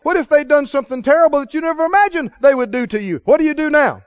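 A man with a very high voice preaches a sermon, asking his listeners questions and drilling answers back to them. The sound is dry and a little muffled. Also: fast, dry recording. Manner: preaching with call-and-response questions to the congregation. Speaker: pastor.

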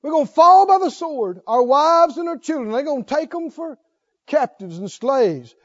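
With an extremely high, sing-song voice, a man preaches unhurriedly, calling questions to the congregation and reading scripture aloud as his fervor builds. The recording's high frequencies are cut off.

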